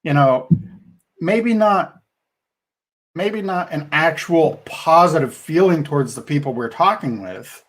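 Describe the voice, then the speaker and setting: Slow, measured male podcast co-host. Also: on the high side, lively intonation, a bit bright. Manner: thoughtful, measured, with frequent restarts. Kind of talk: casual podcast discussion.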